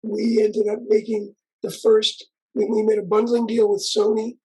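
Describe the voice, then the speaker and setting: Very husky older man telling stories. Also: sits high, completely flat delivery, normal speed, a little mellow, rough recording. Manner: rambling, with frequent restarts and asides. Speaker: guest. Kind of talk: conversational storytelling.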